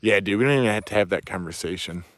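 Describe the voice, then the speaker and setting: A man's voice: lowish voice, quick pace, no echo. A man delivering an angry, profane, preachy rant outdoors. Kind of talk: ranting monologue. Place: outdoors near woods, with dog.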